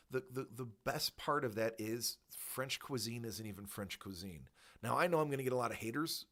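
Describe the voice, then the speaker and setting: Man, livestream host, casual chat, rambling tangents, bright forceful voice. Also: medium pitch. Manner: rambling, tangent-prone, with laughs and fillers.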